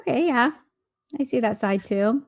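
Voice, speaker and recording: A woman's voice: on the high side, normal speed, vocal fry. Chatty woman recapping reality TV. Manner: chatty, quotes people in animated voices. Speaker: recap show host. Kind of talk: casual chat.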